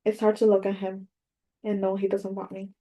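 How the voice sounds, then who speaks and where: A woman narrates a first-person audiobook in a measured, even reading. Her voice is dark and mellow, and the melody stays flat from line to line. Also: mid-range voice.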